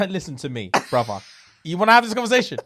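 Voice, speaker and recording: A man chatting on a podcast, his voice high for a man and full of lively swings. He teases his co-host and jokes around in casual banter. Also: fast talker. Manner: playful, teasing banter. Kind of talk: casual chat.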